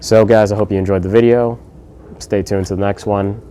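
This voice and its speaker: A man giving a casual, laid-back firearms review, swearing freely and filling pauses with lots of ums and uhs. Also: on the low side, flat delivery, warm tone, slight background noise.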